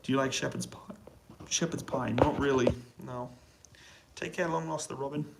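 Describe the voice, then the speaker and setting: A British man talks in a relaxed, hushed way, reading out and answering questions from his stream chat. His voice sits at an ordinary pitch and has a gravelly, fried texture. A faint hiss runs under the recording in a small hotel room. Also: normal speed. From United Kingdom. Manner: relaxed, quiet voice to avoid waking neighbours. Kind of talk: casual live-stream chat. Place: hotel room on an army base.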